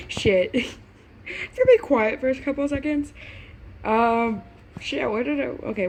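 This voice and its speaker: Eine Frau liest zu Hause Fan-Fiction vor, plaudernd, stolpert über Wörter, mit leichtem Rauschen im Hintergrund. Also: female voice, mid-range voice, fairly even intonation, normal speed, darkish tone, slight background noise. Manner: chatty, laughing asides, stumbles over words. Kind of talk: casual reading aloud with asides.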